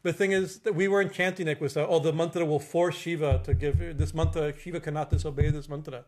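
In a fairly high, steady, somewhat mellow voice, a middle-aged man gives a relaxed religious talk as a spiritual teacher. He pauses and restarts often, leans on fillers, and asks "right?" again and again.

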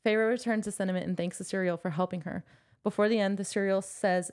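A young woman co-hosts a relaxed book-club podcast, walking through the plot in a chatty, animated way. She laughs often, swears playfully, and slips into quoted lines as she retells the story. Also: medium pitch, brisk. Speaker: podcast co-host. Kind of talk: casual book discussion podcast.

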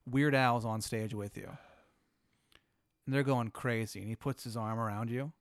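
A man's voice: medium pitch, fairly even intonation, normal speed, smooth, no echo, clean studio sound. A man hosting a podcast, spinning a long improvised hypothetical in a laid-back, rambling way full of "like". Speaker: host.

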